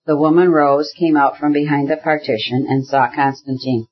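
A man narrating a classic novel in a measured, even storytelling manner. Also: a little high, slightly rough, highs cut off. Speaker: audiobook narrator.

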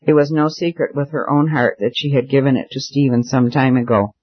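A man reading a novel aloud as narrator, steady and measured. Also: mid-range voice, husky, dull audio. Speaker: audiobook narrator.

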